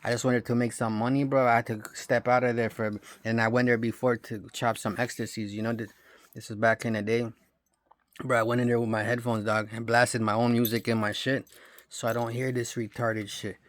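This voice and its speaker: A man's voice: medium pitch, level tone, a little fast, no room sound. A man from Romania ranting in a rambling, profane monologue, tossing in bro and dog all the time. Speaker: vlogger.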